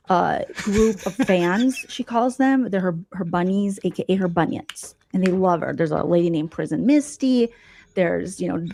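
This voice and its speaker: A woman's voice: medium pitch, vocal fry, slight background noise. A woman hosting a livestream, telling gossip in a mocking comedic style. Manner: mocking, animated, puts on voices for quotes. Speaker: livestream host.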